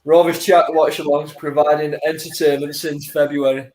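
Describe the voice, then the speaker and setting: A man with a slightly raised pitch chats on a live football stream, prone to eager outbursts. His voice carries a roomy echo. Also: moderate pace. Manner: excited exclamations. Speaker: co-host of a fan watchalong stream. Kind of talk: casual match chat.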